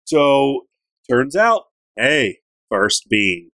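A man chatting casually on a gaming podcast, retelling a story with animated, joking energy. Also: medium pitch, very slow. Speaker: podcast co-host recapping a game.

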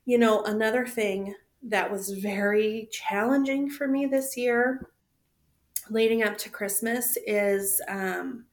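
A woman co-hosting a relaxed podcast who talks slowly and reflectively, pausing to find her words. Her voice sits a little high for a woman. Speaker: podcast co-host. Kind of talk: casual chat.

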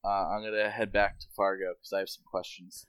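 A man playing a tabletop role-playing game, stating his moves and asking tactical questions deliberately. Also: fairly low pitch, level tone, a bit bright, no room sound. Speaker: player.

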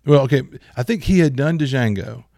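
Guy, gravelly, rambling casual movie chat, dry close mic. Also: mid-range voice, normal speed, no room sound. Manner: rambling, animated storyteller with many restarts.

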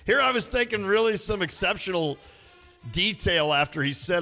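A man's voice: sits high, expressive, moderate pace, bright, forceful tone, soft background music. A man co-hosting a show in casual banter, teasing his co-hosts and laughing often. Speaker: radio show co-host.

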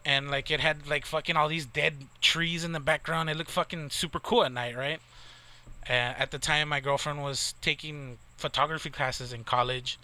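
A man's voice: fairly high pitch, steady tone, normal speed, sharp tone. Swearing Texan man telling a story. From Texas, near the Mexican border. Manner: profane, rambling, lots of "like" and "right?". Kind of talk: casual storytelling.

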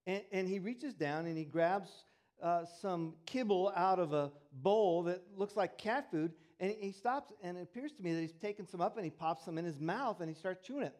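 A man's voice: high voice, animated, moderate pace, darkish tone. A man preaching a sermon, telling stories in a folksy, conversational way. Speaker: pastor. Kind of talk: sermon with storytelling.

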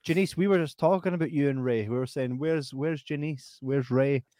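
A man's voice: medium pitch, normal speed, warm tone, no room sound, studio quality. A Scottish man co-hosting a casual podcast, joking, swearing and reading viewer comments aloud. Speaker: podcast co-host. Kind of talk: casual late-night podcast chat.

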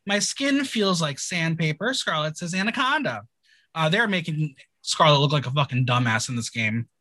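A man's voice: fairly high pitch, moderate pace, no echo. A man hosting a podcast, casually recapping a TV show with jokes and laughter. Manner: animated, laughing, joking. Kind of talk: casual chat.

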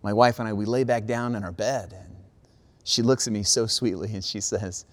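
A young adult man, a pastor, preaching a sermon and telling a personal story with lively quoted voices. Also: on the low side, moderate pace. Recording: long reverb of a large hall.

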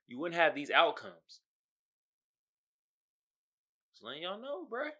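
A man from the United States rants solo on his podcast in a lively, swooping voice that sits a little high. His tone is bright and forceful, and he mixes mockery and profanity with laughter at his own jokes. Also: a little fast, few pauses, husky. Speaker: podcast host.

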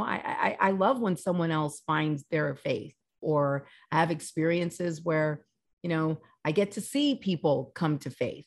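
A woman pastor talking as a podcast guest, lively and full of restarts as she tells stories. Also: fairly low pitch. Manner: animated storyteller, many restarts and quoted dialogue. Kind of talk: casual chat. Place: Los Angeles.

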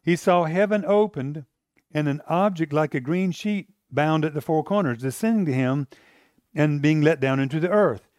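A pastor delivers a sermon in a relaxed, conversational way at normal speed, stumbling into restarts and taking on the voices of people in his story. His voice is a little high for a man, and the recording is dry and close with no room echo.

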